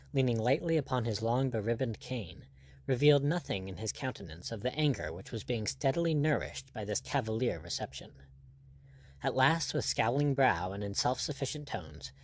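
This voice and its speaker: An audiobook narrator with a mid-range male voice reads from an adventure novel. His scripted delivery is measured and expressive.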